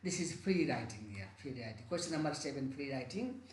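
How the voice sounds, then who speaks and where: A man's voice: medium pitch, animated, a little fast, slight background noise. A man with a Nepali accent teaching an English exam-prep lesson online, repeating and rephrasing his points often. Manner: repetitive, restarts and rephrases often. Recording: echoey room, faint ambience.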